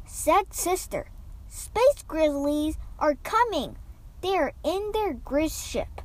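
A woman reading a children's picture book aloud, with gentle, expressive storytelling and lively voices for the characters. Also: sits high, slow pace.

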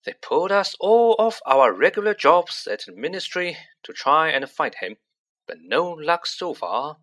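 A man's voice: on the high side, sing-song, measured pace, a bit bright, pitched above the performer's own voice. A man voicing a grave, strained middle-aged wizard father in a storybook reading. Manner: grave, firm.

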